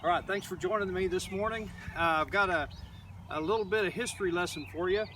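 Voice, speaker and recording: Older teacher guy rambling folksy out in his garden, highish bright voice, mic kinda far off w/ faint outdoor noise. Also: brisk. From Oklahoma. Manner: folksy, rambling, with many fillers. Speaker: middle school teacher. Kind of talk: casual outdoor lesson to students.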